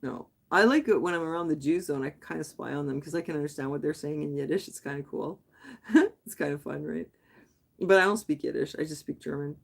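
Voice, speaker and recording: She talks fast in a low voice marked by vocal fry. As host of a casual late-night livestream, this native English speaker from Quebec answers viewers' comments candidly and ramblingly, thinking aloud with frequent "like"s and restarts.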